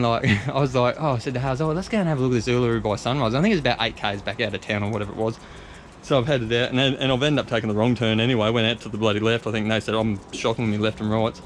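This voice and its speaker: A man in his thirties with an Australian accent, telling a rambling travel story full of fillers and slang, with faint noise behind him. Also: mid-range voice. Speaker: travel vlogger. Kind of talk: casual storytelling.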